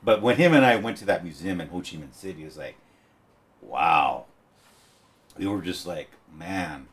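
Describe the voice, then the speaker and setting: Podcast guest: very low American male voice, lively swings, blunt and crude stories. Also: normal speed. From United States. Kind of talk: casual chat.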